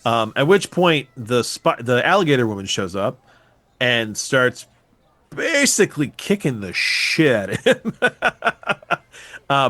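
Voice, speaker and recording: A man's voice: medium pitch, no echo. Podcast guy swearing his way through a movie plot, voice all over the place, dry close sound. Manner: animated, profane storytelling. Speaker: podcast host. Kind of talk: casual film recap.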